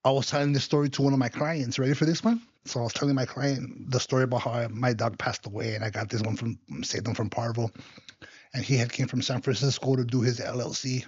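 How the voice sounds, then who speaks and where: A man's voice: medium pitch, fairly even intonation, quick pace, slightly rough, muffled recording. A man talking as a podcast guest in casual chat, full of street slang, dropping Spanish words and calling everyone "dog.". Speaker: podcast guest, business owner.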